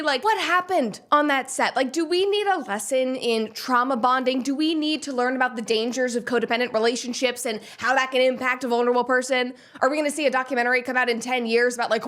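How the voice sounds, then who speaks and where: High-voiced sarcastic woman host. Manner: sarcastic, animated, laughs often. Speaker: show host. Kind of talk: casual pop-culture commentary.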